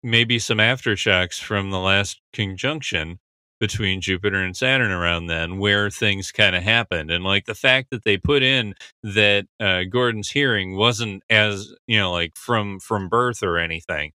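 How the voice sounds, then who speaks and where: A man hosts a podcast in a loose, rambling way, filling his pauses with "you know" and "like." His voice sits a little low but sounds very bright and sharp, with a smooth, crisp tone. It is recorded close and dry, with no room sound. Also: no room sound. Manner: rambling, heavy on fillers. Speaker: podcast host. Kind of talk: casual podcast episode discussion.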